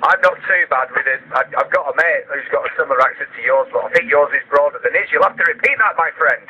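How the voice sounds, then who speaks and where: A man's voice: mid-range voice, quick pace. A man hosting a radio phone-in, jokey and polite but a little flustered with callers. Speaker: radio presenter. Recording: muffled radio broadcast with faint noise.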